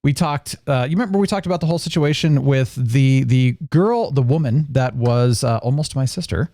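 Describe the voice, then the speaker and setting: A man hosting a podcast, chatting casually and rambling with animated storytelling. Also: medium pitch, brisk, no echo, clean studio sound. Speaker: podcast host. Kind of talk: casual chat.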